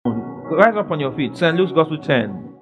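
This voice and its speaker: A man preaching a sermon from Nigeria, animated, swinging from quiet asides to shouted declarations. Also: a little high, measured pace, lo-fi sound. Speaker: pastor. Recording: faint music behind.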